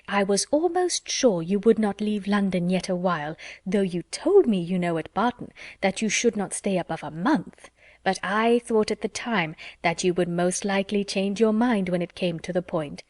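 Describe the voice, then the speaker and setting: A woman's voice: medium pitch, normal speed, darkish tone, no room sound, studio quality, natural voice. A woman reading as a sly, gushing young lady. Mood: sugary. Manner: emphatic, over-sweet insistence.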